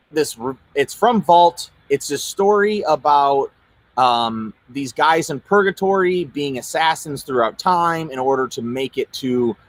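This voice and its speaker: A man co-hosting a casual chat, rambling in a relaxed, slangy way. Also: medium pitch. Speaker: co-host.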